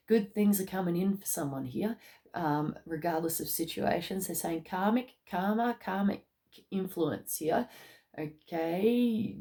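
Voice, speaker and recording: A woman giving a casual spoken tarot reading. She chats along, tagging lines with "okay?" and "mate", and bursts into excited rises. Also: lowish voice, measured pace. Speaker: tarot card reader.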